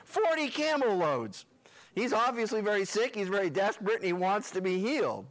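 A man's voice: sits high, fast talker, a bit bright. A male pastor teaching through a Bible passage in a folksy, colloquial storytelling style with slangy asides. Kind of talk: sermon retelling a Bible passage.

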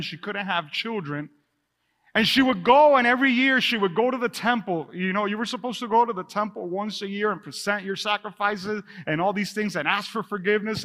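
Pastor, male, animated sermon delivery, bright tone, reverberant sanctuary. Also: high voice. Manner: animated preaching, reading scripture aloud. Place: church sanctuary.

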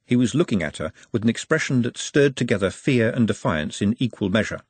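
A man narrates a storybook in a wry, even-paced way, his voice slightly husky. His pitch moves in a lively way through the sentences. The sound is close and dry with no room around it. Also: fairly quick, no room sound. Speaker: audiobook narrator.

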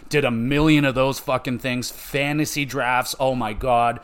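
Profane, animated man chatting on a podcast. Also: mid-range voice, unhurried, clean tone. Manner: animated, profane, acts out quoted voices. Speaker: podcast host. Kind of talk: casual podcast chat.

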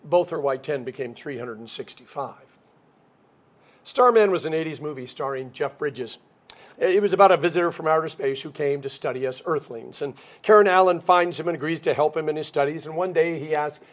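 A man's voice: a little high, a little fast. A man preaching a sermon, telling stories and acting out quoted characters along the way. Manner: storytelling, acts out quoted characters. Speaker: pastor.

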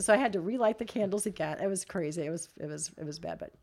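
A woman's voice: mid-range voice, fast, hardly any pauses. A middle-aged woman, a mother co-hosting a casual family chat, telling a story with lots of laughter. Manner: animated storytelling with frequent laughter. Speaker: co-host, mother.

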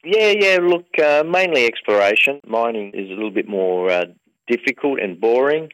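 A middle-aged man with an Australian accent, a football club owner, answering interview questions in a relaxed, rambling way with many fillers. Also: medium pitch, moderate pace, poor audio. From England. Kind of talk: conversational interview.

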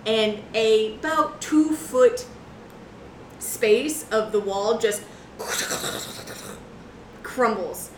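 A woman's voice: fairly high pitch, extremely slow, long pauses, slight background noise. Woman game master in an echoey room. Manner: lively, swearing, laughs often. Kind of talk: narrating a tabletop game. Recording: roomy echo.

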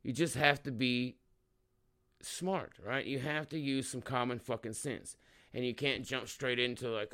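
Bright, profane ranting man. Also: medium pitch, steady tone, unhurried. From Oklahoma. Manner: profane, heated, swearing freely. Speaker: show host. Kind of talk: ranting commentary on a clip.

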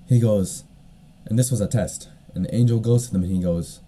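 Podcast guy with a deep mellow voice, rambles, lots of "like" and "you know what i mean". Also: a little slow, long pauses, a little hiss or hum. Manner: rambling, heavy fillers, frequent coughs. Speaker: podcast host. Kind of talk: casual storytelling monologue.

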